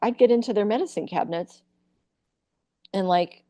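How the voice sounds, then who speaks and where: A woman's voice: medium pitch, normal speed, dry recording, studio quality. A woman from Iowa, a comic actress, telling candid stories in a podcast interview and acting out the people in them. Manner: animated, acts out quoted voices.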